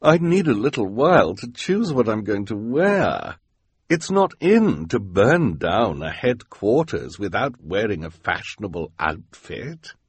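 A man's voice: on the low side, big pitch swings, unhurried, breathy edge, no echo, heavily acted. A man voicing a vain, fashion-obsessed villainous woman in an audiobook. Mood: fussy.

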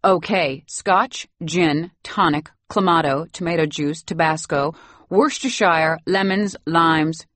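A woman's voice: deep voice, slow, a bit bright, no echo, full character voice. A woman voicing an imperious old Boston grandmother. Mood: haughty. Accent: Boston Brahmin. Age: over 60. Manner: imperious, acid, sarcastic. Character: haughty elderly upper-class grandmother. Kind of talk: audiobook character voice.

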